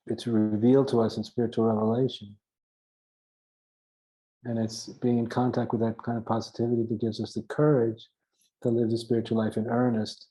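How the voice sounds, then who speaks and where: Earnest man with a flat, mellow voice. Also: medium pitch, low-quality recording. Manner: earnest, emphatic, repeats phrases for stress; self-mocking chuckles now and then. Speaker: spiritual teacher. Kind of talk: spiritual teaching talk.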